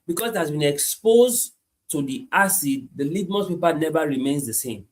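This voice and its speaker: A man preaching a sermon, repeating his points emphatically and moving between hushed lines and loud climaxes. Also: a little high, expressive, moderate pace. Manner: repetitive, emphatic, swings from hushed to shouting.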